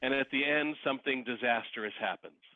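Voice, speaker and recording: This is a casual interview in which a man, a wedding officiant and celebrity impersonator, speaks as a guest on a tinny phone-style line with no echo. He talks briskly in a mid-range voice, telling lively stories and performing the voices of the characters in them.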